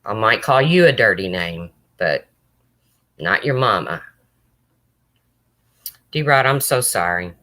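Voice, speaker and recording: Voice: medium pitch, lively intonation, slow, long pauses, pushed and bright. A livestream host talking emotionally to viewers and answering chat, close to tears. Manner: emotional, talks straight to viewers.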